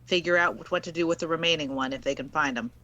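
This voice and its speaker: A tabletop role-playing game player, hesitant and halting. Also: mid-range voice, sharp tone, dull audio. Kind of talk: casual tabletop game play.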